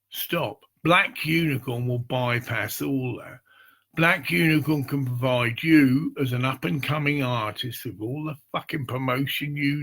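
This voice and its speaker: A man giving a rambling, informal pitch for a charity promotion project, swearing freely and checking in with "see?" and "get it?". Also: sharp tone. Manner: meandering, profane, repeats "see" and "get it".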